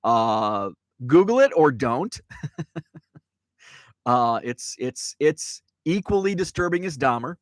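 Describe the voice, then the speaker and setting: A man's voice: medium pitch, sing-song, slow pace, long pauses, dry recording. A man hosting a live stream, chatting casually and reading viewer comments, full of fillers and restarts. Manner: rambling, many fillers and restarts; reads viewer chat aloud. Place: Wisconsin home.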